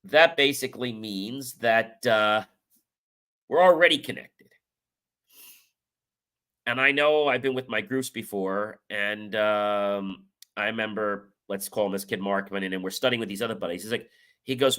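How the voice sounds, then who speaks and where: A man's voice: fairly low pitch, normal speed, a bit bright. A man hosting a motivational talk, telling personal stories casually and acting out the dialogue. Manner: casual storytelling, acts out quoted dialogue. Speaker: show host.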